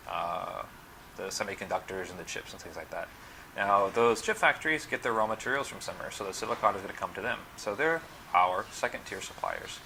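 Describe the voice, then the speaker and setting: A man's voice: lowish voice, creaky, sharp tone, a little hiss or hum, low-quality recording. A man from the United States, a supply chain consultant hosting his own channel, talking casually to camera and explaining things patiently step by step.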